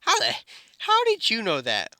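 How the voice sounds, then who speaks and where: A man voicing a brash, hot-headed young man who jumps to high yelps when startled. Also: fairly even intonation, normal speed, sharp tone, clean tone, dry recording, clean studio sound.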